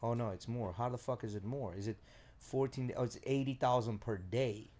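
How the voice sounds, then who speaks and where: A man hosting a podcast, chatting loosely and thinking out loud, with some swearing. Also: mid-range voice, steady tone, normal speed. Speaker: podcast host. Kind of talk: casual chat.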